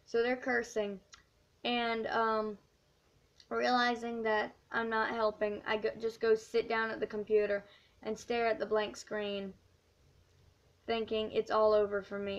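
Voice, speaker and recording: A teenage woman telling an earnest, rambling story in a casual vlog, with many fillers. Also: on the high side. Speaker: vlogger. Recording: dull lo-fi recording.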